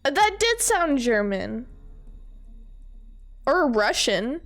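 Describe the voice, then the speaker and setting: A woman's voice: sits high, very animated, very slow, a bit bright, soft background music. A young woman streaming a game, chatting playfully with her viewers and laughing often. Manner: playful, giggly, teasing the chat. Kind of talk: casual live-stream chat while playing a game.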